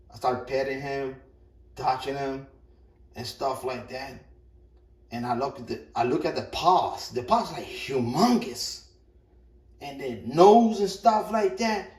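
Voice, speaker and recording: A man's voice: medium pitch, slow pace, long pauses, a little mellow. A middle-aged man telling a rambling, profane story in a casual way while he cooks in his kitchen. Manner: rambling, profane, repeats himself. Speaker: vlogger. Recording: echoey room, mic far off.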